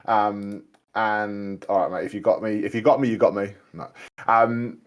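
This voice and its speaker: A man's voice: fairly low pitch, steady tone, normal speed. A man in his thirties with a London accent, chatting casually as a guest poker player in a loose, rambling way. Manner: laid-back, rambling, says "mate" a lot. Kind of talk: casual chat during an online game.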